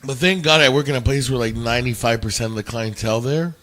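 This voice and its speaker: A man's voice: mid-range voice, quick pace, fairly bright tone. Laid-back man, a bouncer swapping stories. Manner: laid-back, agreeable, trades his own stories. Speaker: bouncer, podcast guest. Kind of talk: casual chat.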